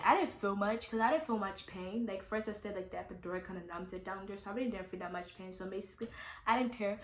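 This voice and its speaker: A teenage girl telling her own story in a chatty, animated way, with many fillers. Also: mid-range voice, echoey room, rough recording. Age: teens. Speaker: vlogger. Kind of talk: casual storytime.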